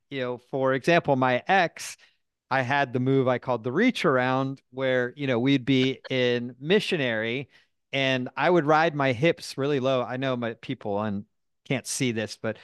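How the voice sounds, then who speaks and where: A man speaks in a smooth, resonant voice, candid and rambling. He tells his stories casually and pokes fun at himself along the way. The sound is dry and close, with no room echo. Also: medium pitch, a bit bright. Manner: frank, rambling, self-deprecating storyteller.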